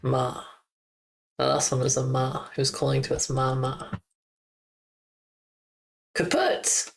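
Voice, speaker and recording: A young woman streamer with a rumbling low voice chats casually on a live stream, her delivery completely flat and unhurried with vocal fry. She's playful and giggly, joking as she repeats words from a game.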